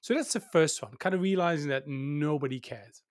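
A man giving candid advice as an interview guest, lively and laughing, often acting out the doubting voices he quotes. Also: fairly high pitch, normal speed, no echo, studio quality. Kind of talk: casual interview conversation.

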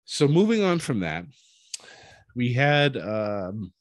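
A man recapping a wrestling show in a casual, animated storytelling way, acting out what people said. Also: mid-range voice, takes it slowly, dry recording. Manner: animated storytelling, acts out quotes.

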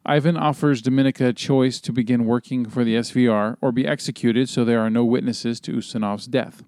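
A man's voice: medium pitch, steady tone, fairly quick, darkish tone, no echo, clean studio sound. A man hosting a podcast, recapping a film plot in a loose, rambling way, full of fillers and casual swearing. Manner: rambling with many ums and swearing, reading a plot summary. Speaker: podcast host.

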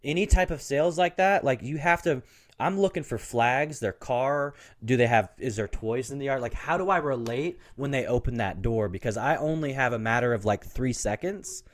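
A man's voice: medium pitch, animated, normal speed. A man who is a guest on an interview show, telling stories casually and with energy. He laughs often and says "like" and "you know" a lot.

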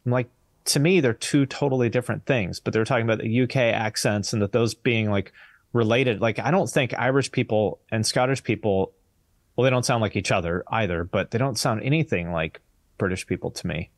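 A man's voice: on the low side, fairly quick, dry recording, clean studio sound. A man hosting a podcast in casual chat, blunt and joking, swearing freely. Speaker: podcast host.

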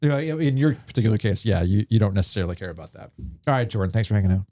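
A man's voice: lowish voice, lively intonation, rapid-fire. A man hosting a casual sports podcast, laughing often and repeating words as he talks. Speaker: podcast host.

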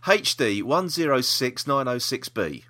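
A man's voice: medium pitch, sing-song, unhurried, pushed and bright. A man co-hosting a casual podcast chat, rambling with restarts and laughter. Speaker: podcast co-host.

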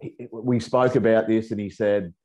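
A deep, low-voiced Australian man spins rambling, profanity-laced anecdotes as a podcast guest. His tone is dark and mellow, and his delivery is loose and animated. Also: moderate pace. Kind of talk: casual storytelling.

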